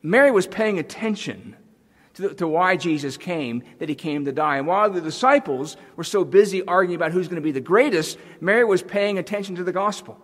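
A man's voice: high-pitched, expressive, brisk, fairly bright tone, in a large hall. A man preaching a sermon as pastor, earnest and emphatic, building intensity as he goes. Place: church sanctuary.

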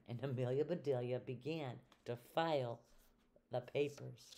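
A woman's voice: low-pitched, moderate pace, warm tone. Older woman reading a children's story. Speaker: retired teacher reading aloud. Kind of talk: children's read-aloud narration.

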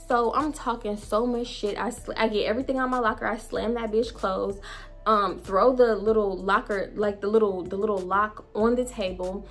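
A young woman vlogger telling a storytime tale in a blunt, profane, animated way, with faint music behind her. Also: medium pitch, normal speed. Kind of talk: storytime vlog.

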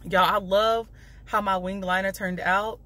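A woman's voice: mid-range voice, fairly even intonation, unhurried, a bit bright. Chatty young woman, Chicago accent. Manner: chatty, talks straight to camera, says y'all often. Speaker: vlogger. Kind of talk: casual vlog chat. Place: in her car. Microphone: phone held at arm's length.

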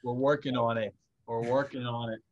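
A man's voice: medium pitch, level tone, fairly quick, highs cut off, crowd noise. Laid-back, friendly male interview guest. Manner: laid-back, friendly, calls the host "bro". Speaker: guest, professional baseball pitcher. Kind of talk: casual interview chat.

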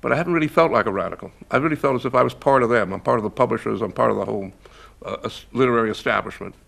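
Gravelly older American man reflecting. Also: medium pitch, a bit bright. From United States. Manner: gravelly, measured, stopping to restart. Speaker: novelist being interviewed. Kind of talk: reflective documentary interview.

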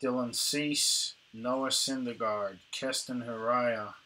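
A man's voice: mid-range voice, a little hiss or hum, rough recording. A man hosting a card break, casually opening packs and reading out player names and teams. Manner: relaxed, reads out names and teams in a quick list.

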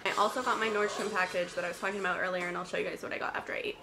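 A young woman chatting casually to her viewers at home in a family vlog, switching between baby talk to her daughter and relaxed chat to the camera. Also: lowish voice, very fast, background noise. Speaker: family vlogger.

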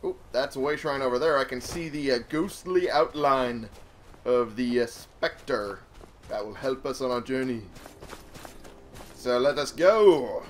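A man's voice: medium pitch, fairly even intonation, moderate pace. A young man giving casual, chatty gameplay commentary, thinking aloud and swearing freely. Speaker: let's play host. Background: game music.

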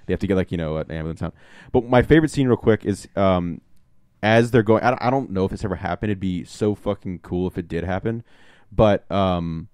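Young guy podcast host, real low voice, rambles and swears a lot, dry sound. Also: fairly quick, a little mellow, dry recording. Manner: rambling, swears often, many fillers and restarts. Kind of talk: casual movie review chat.

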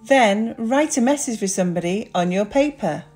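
A woman presenting a children's craft and breathing session, speaking warmly and directly to the children. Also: mid-range voice, normal speed, faint music behind. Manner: warm, lively, addresses children directly. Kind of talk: friendly children's activity lesson.

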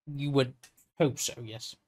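A man's voice: medium pitch, fairly even intonation, unhurried, darkish tone. Hesitant male game master. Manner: hesitant, filler-heavy narration. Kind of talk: narrating a tabletop game.

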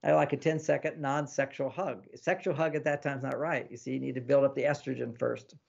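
A man, an author of relationship books, giving casual advice as a podcast guest, animated and fond of acting out little quoted exchanges with a laugh. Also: mid-range voice, fairly quick, vocal fry, highs cut off. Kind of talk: casual advice talk in an interview.

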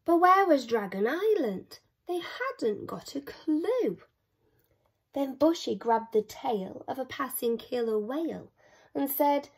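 A woman reading a rhyming children's picture book aloud, with rhythmic, expressive delivery. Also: high-pitched, slow pace, breathy edge. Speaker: storyteller.

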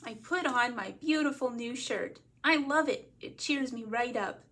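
Library lady reading a bedtime story real slow, breathy and kinda high. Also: fairly bright tone.

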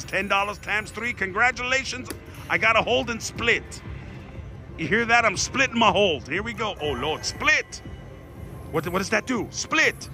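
Excitable guy playing slots, high voice jumping all over, casino music going behind him. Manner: animated, jokey, shouts at the machine, fast swings. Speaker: casino vlogger. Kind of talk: excited slot-play commentary. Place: casino floor. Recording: slot machine music behind.

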